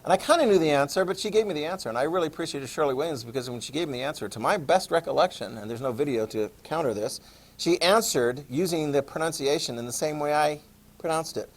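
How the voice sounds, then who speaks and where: An American man lecturing a class, telling a personal anecdote in a chatty, animated way and addressing the students directly. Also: on the high side, quick pace. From United States. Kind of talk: classroom storytelling.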